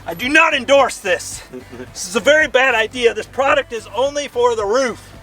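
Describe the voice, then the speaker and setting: Guy doing an outdoor demo vlog, excitable and jokey, sharp bright voice, faint music behind. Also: very high voice, normal speed, recorded from a distance. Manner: excitable, folksy, joking. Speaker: RV vlog host. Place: outdoors by a vehicle.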